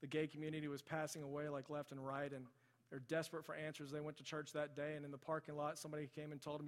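A man's voice: on the high side, completely flat delivery, fast. Man, pastor, sermon, storytelling, rising to passionate emphasis, long hall reverb. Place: church sanctuary.

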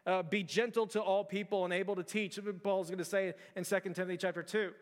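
A man's voice: high-pitched, fairly even intonation, fast, in a large hall. A male pastor preaching a conversational sermon, with frequent restarts and fillers.

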